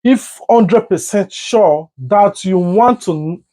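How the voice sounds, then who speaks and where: A man's voice: high voice, slow pace, poor audio. A Nigerian man hosting a commentary show, arguing his opinion and acting out quarrels with a rising voice. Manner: animated, acts out arguments with rising voice.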